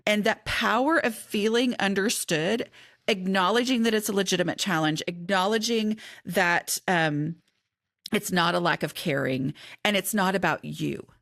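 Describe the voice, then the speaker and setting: A middle-aged woman talks candidly as a podcast guest, circling back and restarting her thoughts as she goes. Her voice sits in a middle range with plenty of gravelly fry. The recording is dry and close, with no room sound. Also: medium pitch, normal speed, a bit bright, dry recording. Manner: chatty, self-interrupting, candid. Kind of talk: casual conversation.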